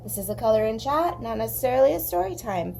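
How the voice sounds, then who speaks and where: A young woman from southern California, hosting an art channel, telling a long story in a chatty, animated way while she colors. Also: on the high side, fast talker, gravelly, slight background noise. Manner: chatty, animated, acts out quoted voices.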